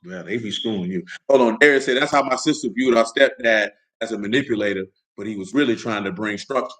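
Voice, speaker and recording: A young man delivers a casual sermon full of stories and slang, street-casual in manner and often asking "you know what I'm talking about?" to check that listeners follow. His voice is fairly low yet fairly bright, his pace quick, and the recording rough.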